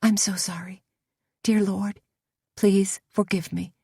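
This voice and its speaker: A tiny, frightened young woman speaks in hushed, trembling phrases, as a woman reader does her. The delivery is unhurried and the sound is dry and close. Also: medium pitch, steady tone, slightly rough, no echo, pitched above the performer's own voice. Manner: soft, shaky and hushed.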